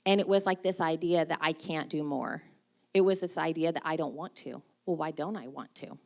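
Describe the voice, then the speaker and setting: Middle-aged woman preaching casually, self-deprecating, laughs a lot, lowish voice. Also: moderate pace, gravelly. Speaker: speaker at a women's church breakfast. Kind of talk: casual sermon.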